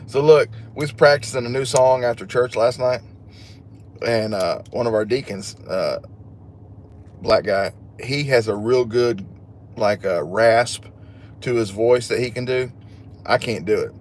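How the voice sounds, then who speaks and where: A man's voice: medium pitch, measured pace, long pauses, a little hiss or hum. A man hosting a casual livestream, chatting with viewers and joking at his own expense. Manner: chatty and joking, laughs at himself. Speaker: livestream host. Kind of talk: casual live chat, reading viewer comments.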